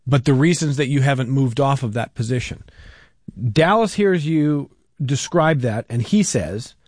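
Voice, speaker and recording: Radio host with a dry close voice. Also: male voice, medium pitch, lively intonation, moderate pace, darkish tone, no room sound. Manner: conversational, reads listener emails aloud. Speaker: radio talk show host. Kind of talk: call-in radio interview.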